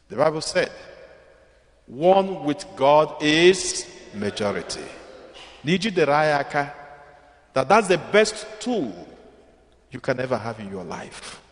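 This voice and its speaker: A man with a Nigerian accent, preaching a sermon as a priest that mixes Igbo and English, asking the congregation questions and building up emphatic repetitions. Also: fairly high pitch. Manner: call-and-response preaching, rising emphatic repetition. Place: church. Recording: long church reverb.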